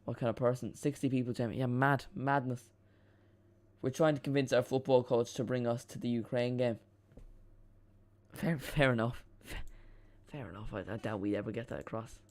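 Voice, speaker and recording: A man's voice: mid-range voice, fairly even intonation, normal speed, a little mellow. A man hosting a live football watchalong stream, chatting casually and rambling as he reacts to the chat and the match.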